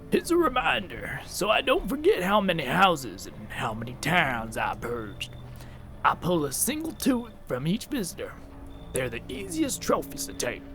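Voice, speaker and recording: An actor voicing a grim, suspicious male vigilante who purges monsters, talking in a gruff, interrogating manner that sometimes drops low and whispery. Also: full character voice.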